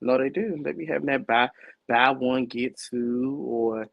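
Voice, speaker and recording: A man's voice: mid-range voice, a little slow, gravelly, dry recording, dull audio. A man co-hosting a casual chat, chiming in with short reactions and quips.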